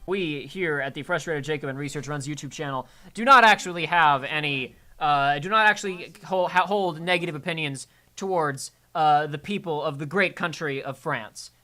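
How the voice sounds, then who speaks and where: A man's voice: a little high, expressive, moderate pace, pushed and bright. A young man streaming a game, giving sarcastic, mock-serious commentary.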